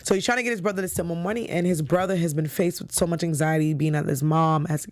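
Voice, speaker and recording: A woman's voice: on the low side, fairly even intonation, fast, darkish tone. A woman hosting a TV recap show in a casual, chatty and enthusiastic way, with frequent fillers. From New York.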